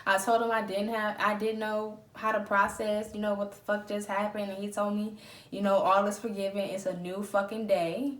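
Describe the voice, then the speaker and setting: A woman vlogger telling a story in a lively, profane storytime style. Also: mid-range voice, moderate pace. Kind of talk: storytime vlog. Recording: roomy echo.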